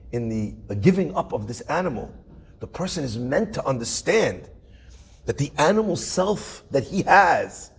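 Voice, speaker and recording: A man's voice: fairly high pitch, vocal fry, breathy edge. A male rabbi giving a sermon, talking straight to his listeners and firing rhetorical questions at them. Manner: animated, rhetorical questions to the audience.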